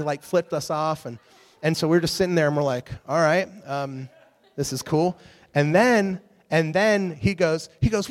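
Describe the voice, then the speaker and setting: A man preaches in a relaxed, storytelling way, acting out the people in his anecdote. His voice sits a little higher than most men's. The long reverb of a church hall trails after his words. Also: fairly quick. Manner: animated storyteller, acts out quotes. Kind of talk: casual sermon with storytelling.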